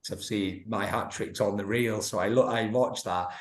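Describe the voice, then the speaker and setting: A man's voice: fairly low pitch, steady tone, normal speed. Man, thirties, podcast guest, former footballer, laughing storyteller, roomy echo. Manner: laughing storyteller, many restarts, acts out quotes. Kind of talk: anecdotal podcast chat.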